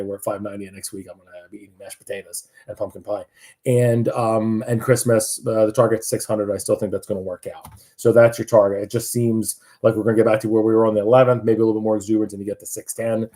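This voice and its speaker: A man's voice: on the low side, warm tone. A man giving casual live market commentary, chatty and loose, with many fillers and restarts.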